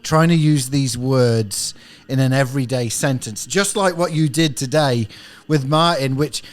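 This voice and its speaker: A man's voice: medium pitch, a little slow. A British man from the UK co-hosting a podcast, playfully teasing his co-host and explaining slang in casual banter. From United Kingdom.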